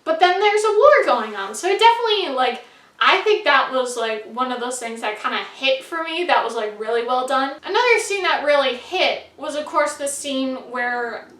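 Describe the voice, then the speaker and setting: Chatty high-voiced woman reviewing a movie. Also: animated, moderate pace, fairly bright tone, echoey room, recorded from a distance. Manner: chatty, many "like" and "you know" fillers. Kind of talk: casual spoken movie review.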